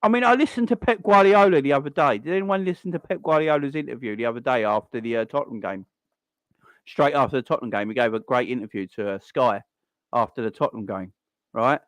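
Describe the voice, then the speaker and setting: A man's voice: mid-range voice, quick pace, fairly bright tone, no room sound. Guy ranting on his live stream, fed up, keeps repeating himself, dry sound. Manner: exasperated, repetitive, swears. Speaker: fan channel host. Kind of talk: live-stream football rant.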